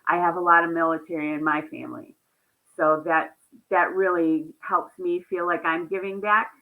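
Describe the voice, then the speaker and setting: A woman counselor, a guest in an interview, telling animated stories about her clients, often laughing and quoting their words. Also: fairly low pitch, moderate pace, phone-quality sound. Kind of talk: conversational interview storytelling.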